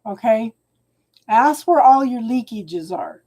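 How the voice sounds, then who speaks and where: A tarot reader speaks directly to her online audience during a live-stream reading, her slightly high voice soft and mellow. She's expressive and slow-paced, often stopping to restart phrases and calling people hun.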